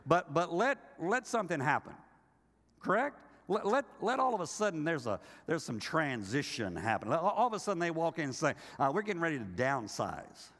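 An older man in the pulpit gives a spirited sermon, kidding with the congregation and voicing the people he quotes. His voice is on the high side and a little fast, echoing through a reverberant hall.

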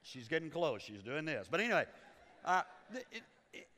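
A very animated male pastor preaches at a normal speed, his high, bright voice echoing through a church sanctuary with long reverb. He teases the congregation with folksy humor and acts out quotes as he goes.

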